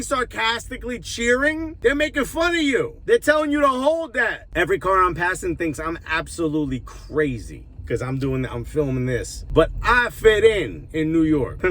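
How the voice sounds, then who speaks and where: A man joking and ranting about his football club while driving through city traffic, filming on his phone. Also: sits high. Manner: animated, joking, profane, slangy. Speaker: football fan vlogger. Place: inside a car in city traffic. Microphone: phone camera in a moving car. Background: car sounds.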